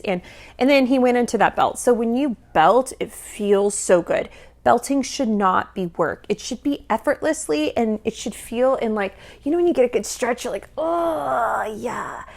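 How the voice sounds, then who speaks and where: A woman vocal coach giving lively, casual reaction commentary, often singing short examples and laughing. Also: medium pitch. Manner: animated, demonstrative, sings examples, laughs often.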